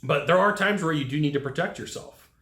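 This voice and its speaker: Guy coaching hvac techs, acts out quotes, kinda high pitched, room echo. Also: a little fast. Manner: animated storyteller who acts out quotes. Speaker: HVAC sales trainer. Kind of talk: casual advice monologue.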